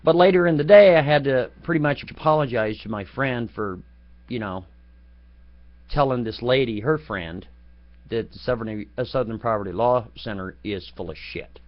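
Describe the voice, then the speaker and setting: A man's voice: medium pitch, normal speed. A man telling a rambling, profane story in a rant, laughing at his own jokes. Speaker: vlogger. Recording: dull lo-fi home recording.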